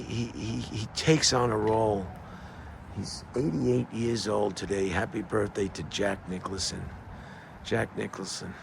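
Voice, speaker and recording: An older man talking in a casual, rambling monologue outdoors, halting often with fillers and restarts. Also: sits low, creaky, background noise. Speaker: vlogger.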